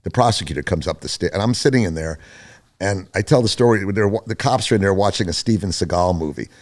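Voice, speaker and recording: Here an older podcast guest spins a rambling tale at a quick pace in a low-sitting voice. Chatty and loose, he restarts often, leans on fillers, and animatedly voices other people's lines louder than his own.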